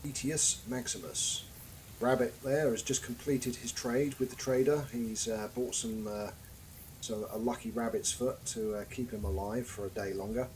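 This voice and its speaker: A man's voice: medium pitch, fairly even intonation, moderate pace, darkish tone, slight background noise. A British man casually commentating his game stream with dry, wry asides. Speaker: gaming live streamer.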